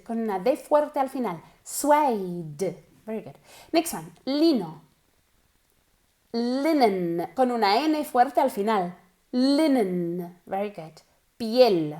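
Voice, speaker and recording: Her voice is a little high, expressive and mellow. She's a cheerful English pronunciation teacher in a bilingual lesson, offering encouragement while slowly drilling and repeating words.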